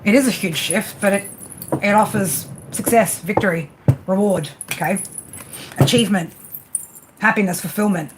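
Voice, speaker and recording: A tarot reader with a mid-range voice goes at a moderate pace, pausing often, with background noise behind her. During the live reading she's casual and blunt, says things repeatedly, and adds "right?" to her points. She's warm toward her audience and uses profanity.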